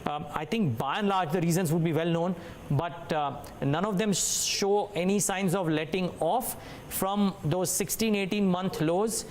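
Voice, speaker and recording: A man's voice: high-pitched, a little slow, a little hiss or hum. A man with an Indian English accent anchoring live business news, thinking aloud as he checks market rates. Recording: music bed under studio voice.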